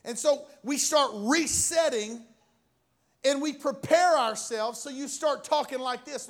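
A male pastor preaching a sermon, animated, swinging between loud bursts and quiet asides. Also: very high-pitched, measured pace.

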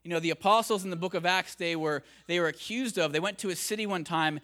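A man's voice: sits high, fast talker, a bit bright. A man preaching a sermon, earnest and building to emphatic declarations.

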